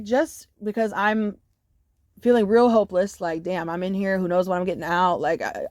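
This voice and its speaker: Woman, casual storytime, animated and profane, dry close sound. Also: mid-range voice, dry recording. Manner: profane, animated, full of fillers like "you know". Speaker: storyteller vlogger.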